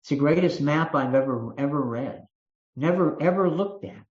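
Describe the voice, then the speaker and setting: In a dull lo-fi recording of a recovery meeting, an older man from Kentucky shares a folksy personal story. His Kentucky-accented voice sits on the high side at a moderate pace, with fillers and frequent restarts.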